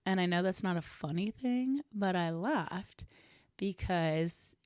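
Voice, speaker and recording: A woman's voice: fairly low pitch, lively intonation, takes it slowly, dry recording. Brief: young woman, podcast host, earnest reflective solo talk, dry close sound. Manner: earnest, warm, self-reflective, laughs softly.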